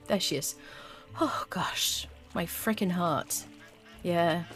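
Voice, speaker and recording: A woman's voice: lowish voice, takes it slowly, a bit bright, soft background music. A woman streaming a game, chatting casually with her viewers and humming little tunes as she plays. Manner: chatty, talks to chat, hums little tunes. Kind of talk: casual live gameplay commentary.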